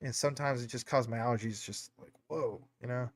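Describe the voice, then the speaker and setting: A man's voice: medium pitch, a little fast, no echo. Guy with a stuffy nose rambling on his livestream, lots of ums, dry mic. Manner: rambling, many fillers and tangents. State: stuffy nose, a little choked up. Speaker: livestream host. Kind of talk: casual live chat.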